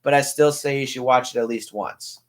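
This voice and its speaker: A man's voice: medium pitch, normal speed. A young man hosting a casual film review podcast, blunt and opinionated, with frequent ums. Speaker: podcast host. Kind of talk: casual movie review chat.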